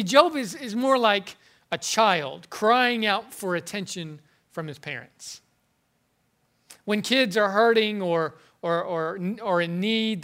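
A man preaching a sermon in an earnest, halting way, often repeating words as he goes. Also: high voice, sharp tone. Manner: earnest, halting, with frequent word repetitions.

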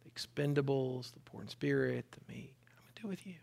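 A man preaching a sermon as pastor, animated, with rising pitch and volume. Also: quick pace, gravelly.

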